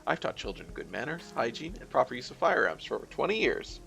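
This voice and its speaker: A man voicing a small, fierce female orc nanny with a Filipino accent, talking rapid-fire, gruff and proud. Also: medium pitch, sing-song, sharp tone, soft background music, voice pushed up, heavily acted, rough recording.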